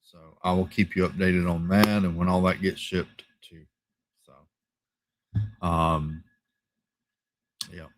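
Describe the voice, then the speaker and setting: A man hosting a casual live stream from home, reading viewer comments in a relaxed, chatty way with lots of fillers and repeated thank-yous. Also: sits low, takes it slowly, long pauses. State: tired, yawning. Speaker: livestream host. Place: home, rural area.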